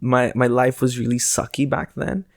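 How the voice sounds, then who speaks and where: A man's voice: mid-range voice, steady tone, moderate pace, vocal fry. A man co-hosting a podcast, chatting casually in a jokey, self-mocking way. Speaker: podcast co-host. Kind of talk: casual chat.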